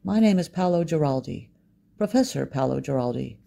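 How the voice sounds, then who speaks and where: A man reading the lines of an eccentric Italian professor in his sixties, cheerful and rambling, with a gravelly, dark voice. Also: fairly high pitch, lively intonation, fairly quick. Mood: eager.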